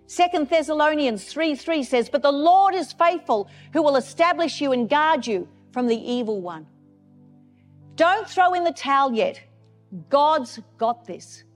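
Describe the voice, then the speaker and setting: Woman pastor with a high voice, earnest emphatic sermon, faint music underneath. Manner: earnest, emphatic preaching with repeated phrases.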